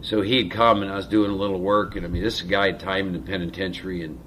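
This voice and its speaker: A man with a very low, deep voice gives a personal recovery testimony. He speaks reflectively and haltingly, pausing often and filling gaps with "uh." A faint hiss sits under the recording. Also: steady tone, a bit bright. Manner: halting, reflective, many pauses and fillers.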